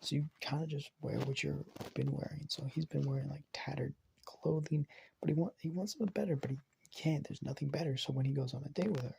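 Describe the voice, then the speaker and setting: A man's voice: on the high side, fairly even intonation, fast talker, a little mellow, slight background noise. A man telling an improvised story in a casual, rambling way, swearing and often dropping to a whisper. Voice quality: gravelly, raspy.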